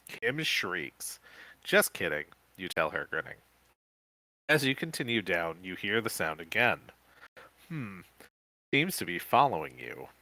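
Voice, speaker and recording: Man, podcast co-host, live read-aloud, bright, dry close sound. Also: low-pitched, dry recording. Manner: lively, animated reading with quick asides.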